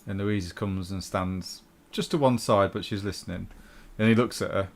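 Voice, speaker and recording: A man narrating as game master of a tabletop game, relaxed and unhurried with small fillers. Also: low-pitched.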